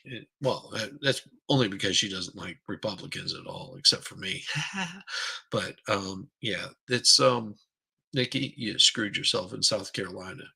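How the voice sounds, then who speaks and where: A man's voice: lowish voice, lively intonation, measured pace, gravelly, pushed and bright, husky. A middle-aged man hosting a livestream, ranting crudely and mockingly about politics, profane and rambling. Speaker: livestream host. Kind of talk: crude comedic political rant.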